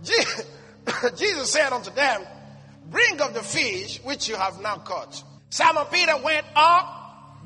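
A man's voice: extremely high pitch, big pitch swings, measured pace, bright, forceful tone, husky. A man preaching a sermon, reading scripture and declaring blessings in an emphatic way. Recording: long hall reverb with faint music.

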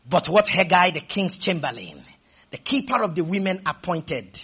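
Male preacher, sermon. High, lively, slightly husky voice; punchy call-and-response. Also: normal speed. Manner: emphatic, with sudden shouted bursts and call-and-response; playful storytelling asides.

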